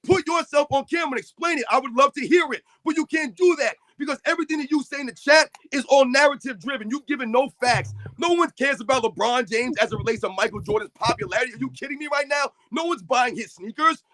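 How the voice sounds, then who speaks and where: A man with an extremely high voice rants at full volume, hosting a sports talk stream and calling out critics one by one. The sound is dry and close, with no room around it. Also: fast, few pauses, no echo, poor audio. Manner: yelling, confrontational, calls out critics. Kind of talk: heated live-stream rant.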